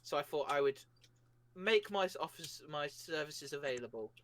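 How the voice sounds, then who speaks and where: A breezy, polite con man, as a player puts him on in a tabletop game. He dodges questions smoothly, in a fairly high male voice with a lively melody. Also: normal speed. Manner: polite, evasive.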